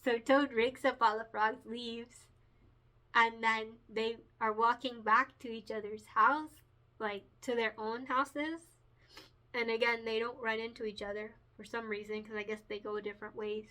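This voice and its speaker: A woman's voice: fairly high pitch, flat delivery, unhurried, pushed and bright. A woman who writes picture books, chatting casually in a vlog, giggly and openly emotional. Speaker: picture book author.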